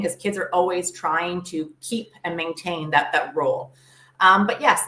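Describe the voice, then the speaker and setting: A woman guest coach explains advice in an earnest, emphatic way, leaning on fillers as she thinks aloud. Her voice sits a little low. The recording has a roomy echo. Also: fairly bright tone. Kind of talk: interview conversation, explaining advice.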